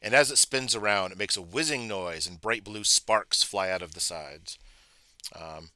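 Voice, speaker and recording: Male game master, low-pitched, bright and forceful, chatty narration with many restarts. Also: moderate pace, no room sound. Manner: chatty, with frequent restarts and filler.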